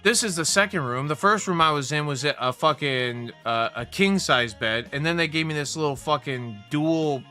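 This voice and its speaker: A man's voice: fairly high pitch, moderate pace, few pauses, pushed and bright, faint music behind. A young man hosting a livestream, ranting casually with heavy profanity and a heated, rambling delivery. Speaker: livestream host.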